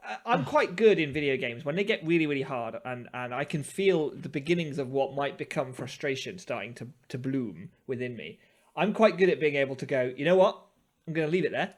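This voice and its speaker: A man co-hosting a podcast, rambling in casual chat with self-mocking laughs. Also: on the high side. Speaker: podcast co-host.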